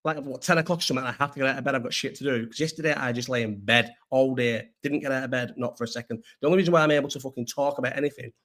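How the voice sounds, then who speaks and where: A man's voice: mid-range voice, rapid-fire, few pauses, fairly bright tone. A young man chatting casually on a livestream, rambling and swearing, with a sore throat. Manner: rambling, sweary, restarts often. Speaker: host.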